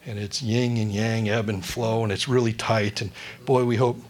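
A man's voice: fairly low pitch, little pitch movement, normal speed. A male pastor giving a conversational sermon, joking and asking the congregation questions.

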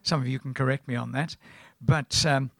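A man in his seventies with a South African accent, preaching as a guest in a rambling, anecdotal way and often clearing his throat. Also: mid-range voice, fairly even intonation, normal speed, a bit bright, dry recording. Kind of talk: sermon.

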